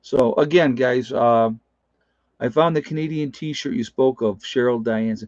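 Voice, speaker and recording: A man's voice: medium pitch, measured pace, a little mellow, no echo, dull audio. A man hosting a casual livestream, reading out viewer comments and chuckling often. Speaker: livestream host.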